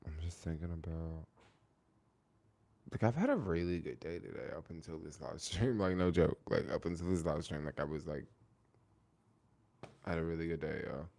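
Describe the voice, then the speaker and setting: A man's voice: very deep voice, normal speed, vocal fry, pauses often, a little mellow. A young man chatting casually on a live stream, rambling with lots of fillers and answering viewer comments.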